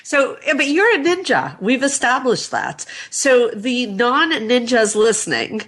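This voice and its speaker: A woman hosting a talk show, asking brisk, probing questions of her guest. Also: on the high side, very animated, a bit bright. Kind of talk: radio talk-show interview.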